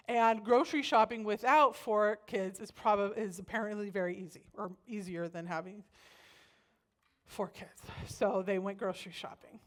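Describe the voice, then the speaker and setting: At a church, a woman tells personal stories in an animated talk, acting out the voices of the people she quotes. She has a mid-range voice.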